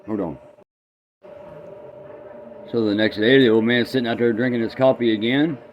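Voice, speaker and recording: A man's voice: mid-range voice, fairly even intonation, normal speed, lo-fi sound, slight background noise. A man, rambling folksy and self-deprecating as he tells a joke in a casual vlog from his garage. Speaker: vlogger.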